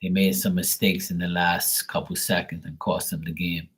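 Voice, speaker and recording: A man's voice: low voice, little pitch movement, moderate pace, fairly bright tone, slightly rough. A man hosting a live stream who tells stories in a rambling, blunt, profane way. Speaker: live tarot reading host. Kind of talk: casual storytelling on a live stream.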